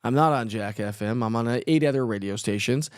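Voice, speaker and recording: A man's voice: mid-range voice, fairly quick, no room sound, clean studio sound. A man hosting a casual live weather show, chatty and playful, who jokes at his own expense and laughs often. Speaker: weather forecaster host.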